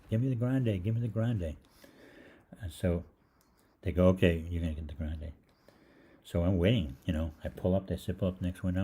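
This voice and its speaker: A man's voice: low voice, slightly rough. An older man rambling through a funny personal story in a casual monologue, acting out both sides of the conversation. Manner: rambling, animated, acts out both sides of the dialogue. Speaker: holistic doctor telling stories.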